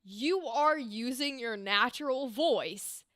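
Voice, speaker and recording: A young woman voice actor chatting casually on a livestream, animated and explaining with demonstrations. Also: a little high, slow, dry recording, studio quality. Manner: animated, talks with her hands, explains with demonstrations. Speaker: streamer and voice actor. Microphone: desk microphone.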